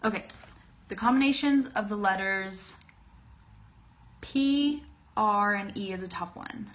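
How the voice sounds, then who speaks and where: A young woman teaching a live online English pronunciation lesson, chatty and laughing often, slowly modelling words on a webcam. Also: mid-range voice, a bit bright.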